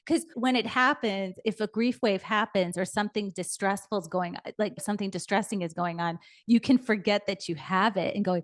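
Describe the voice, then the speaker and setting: A woman's voice: medium pitch, normal speed, no echo. A woman co-hosts a podcast in an everyday mid-range voice. She talks candidly and casually and laughs easily. The recording is dry and close-miked. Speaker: podcast co-host. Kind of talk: conversational podcast chat.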